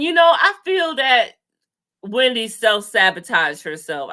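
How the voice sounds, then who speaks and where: A young woman giving a casual, sassy TV episode recap, storytelling with sudden loud outbursts. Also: mid-range voice. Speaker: recap host.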